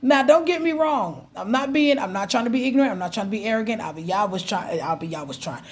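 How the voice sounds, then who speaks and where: A woman vlogging in a casual, animated way about her faith, laughing and mimicking voices as she tells stories. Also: medium pitch, fairly quick. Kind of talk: casual faith talk to camera.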